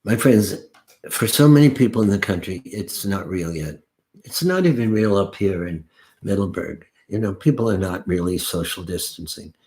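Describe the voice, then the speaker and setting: An older man, a folk singer hosting an online mini-concert, speaking slowly and gravely, with phrases that trail off softly. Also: fairly low pitch. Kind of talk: somber spoken address between songs.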